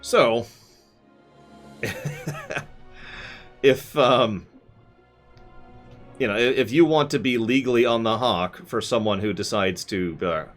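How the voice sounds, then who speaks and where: A man's voice: medium pitch, slow pace, long pauses, faint music behind. A man streaming live, answering chat with rambling, self-correcting opinions.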